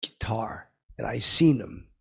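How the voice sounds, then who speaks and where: A man's voice: on the low side, unhurried, fairly bright tone, heavily acted. A man playing a dim, self-absorbed hustler who hosts a comedy podcast, rambling and repeating "I go" over and over. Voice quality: gravelly, very raspy. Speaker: podcast host. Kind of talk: comedic character monologue.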